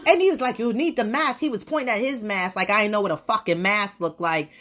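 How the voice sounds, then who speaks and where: A woman's voice: medium pitch, very animated, fast talker, very noisy. A woman hosting a podcast in a casual monologue, ranting bluntly and swearing freely. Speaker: podcast host.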